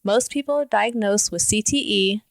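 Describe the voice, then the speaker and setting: A woman co-hosting a podcast, reading out facts in a plain, even way. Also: medium pitch, unhurried, dry recording. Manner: laughs often, then reads facts plainly. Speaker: podcast co-host. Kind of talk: casual chat and reading notes.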